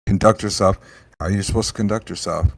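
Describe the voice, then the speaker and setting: Deep-voiced profane man ranting on stream. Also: quick pace, creaky. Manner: profane, rambling, animated rants. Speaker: show host. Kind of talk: casual livestream chat.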